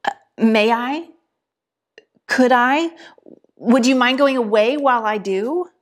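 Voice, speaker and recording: A woman's voice: fairly high pitch, slow pace, pitched above the performer's own voice. A woman voicing a frightened, thirsty young girl as she reads a storybook aloud, hesitant and fearful.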